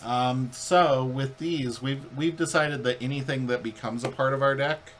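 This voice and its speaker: A man's voice: medium pitch, fairly even intonation, moderate pace, fairly bright tone, slight background noise. A man co-hosting a board game playthrough, reading the rules aloud in a casual, joking way. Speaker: co-host and rules reader.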